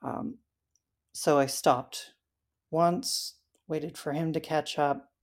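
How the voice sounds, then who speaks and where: A woman as an interview guest, telling her story in a halting way with frequent fillers. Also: low voice, fairly even intonation. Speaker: interview guest recounting a hike.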